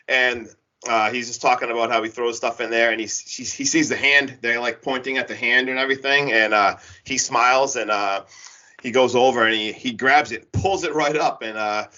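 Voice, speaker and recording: A man casually retelling a horror film's plot on a podcast, rambling and animated with lots of filler words. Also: mid-range voice. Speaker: podcast co-host recapping a horror film. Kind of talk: casual chat. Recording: dull lo-fi podcast audio.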